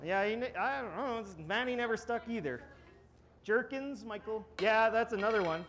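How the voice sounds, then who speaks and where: A man's voice: high-pitched, normal speed, a bit bright. A man giving a live blacksmithing demonstration, joking and rambling with plenty of fillers. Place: smithing conference demo area.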